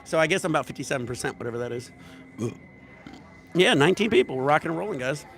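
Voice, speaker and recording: A man's voice: a little high, animated, fast talker, gravelly, fairly bright tone. A man hosting a casual livestream, telling rambling, profane stories at a resort bar. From United States. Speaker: livestream host.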